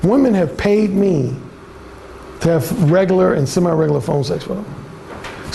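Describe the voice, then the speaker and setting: A high-voiced man speaks to a seminar audience, his tone blunt and emphatic. His voice has a gravelly, fried edge, and a faint hiss sits underneath. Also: mellow. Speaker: workshop speaker. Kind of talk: seminar presentation. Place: conference room.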